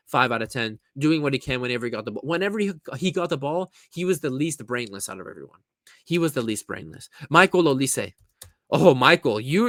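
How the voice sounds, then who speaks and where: A man's voice: fairly high pitch, a bit bright, no echo, studio quality. A man from California, ranting crudely and mockingly as a football reaction vlogger at home. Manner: profane, mocking, blunt.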